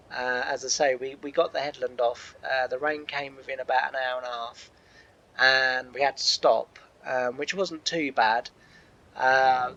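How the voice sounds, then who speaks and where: A man's voice: mid-range voice, a bit bright, muffled recording. A man hosting a farming simulator let's play, talking casually in character as a farm manager, rambling with many fillers and restarts.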